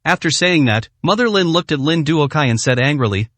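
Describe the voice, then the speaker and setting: A man narrating a translated web novel in a steady reading voice with occasional slips. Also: fairly high pitch, fairly quick, few pauses, no room sound.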